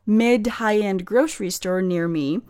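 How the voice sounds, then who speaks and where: A woman's voice: medium pitch, measured pace, a little mellow. A woman reading stories aloud and adding chatty, sarcastic commentary of her own. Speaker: story narrator.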